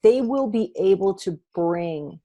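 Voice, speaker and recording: A woman's voice: mid-range voice, lively intonation, takes it slowly, dark tone. A woman career coach talking as a guest, earnest and encouraging. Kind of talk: interview conversation.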